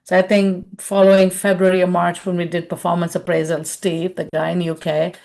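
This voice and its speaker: A woman's voice: fairly low pitch, flat delivery, fairly quick, gravelly, darkish tone. Chatty woman telling stories in a webinar. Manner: chatty storyteller, tags lines with "right?". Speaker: leadership consultant and webinar speaker. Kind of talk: webinar talk with personal stories.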